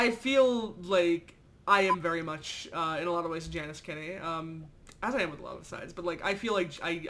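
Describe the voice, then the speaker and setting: A man's voice: sits high, bright, forceful tone. A man co-hosting a casual fan podcast, rambling and giggly with many fillers. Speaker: podcast co-host.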